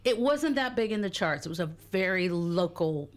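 A woman's voice: on the low side, expressive, normal speed. A woman with her morning voice on, chatting and explaining music on a radio segment, with fillers and laughs. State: morning voice, a little low. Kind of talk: casual radio chat.

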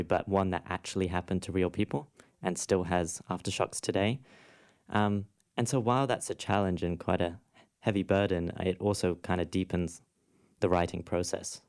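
Male composer, interview guest, deep clear voice, reflective. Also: fairly even intonation, normal speed, darkish tone. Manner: thoughtful, explains at length. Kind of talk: interview conversation.

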